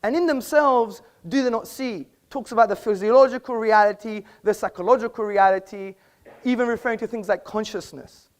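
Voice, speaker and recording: A man's voice: high voice, a little fast. Emphatic man giving a debate speech. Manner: emphatic, rhetorical, addresses the audience. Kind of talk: live public debate speech. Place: auditorium with an audience.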